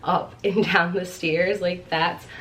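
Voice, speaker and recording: A woman's voice: fairly low pitch, fairly even intonation, slow pace, a bit bright, slight background noise. A pregnant young woman chatting at home through a casual haul vlog, gushing with lots of fillers and short of breath. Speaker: vlogger.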